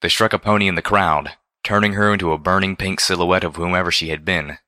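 Deep, forceful male storyteller. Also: steady tone, fast, dry recording, clean studio sound. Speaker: audiobook reader. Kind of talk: first-person story narration.

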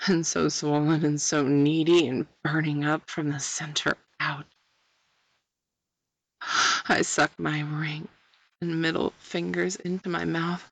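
A woman reading a first-person erotic story aloud in a sultry, breathy manner that slips into whispers. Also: low voice, level tone, unhurried, no room sound. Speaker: narrator.

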